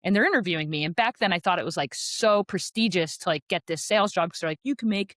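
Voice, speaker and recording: A woman in her thirties, a podcast guest telling her story in a casual, chatty way, full of "like" fillers and quick asides. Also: on the low side, fairly bright tone, dry recording, studio quality. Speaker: podcast guest, sales rep.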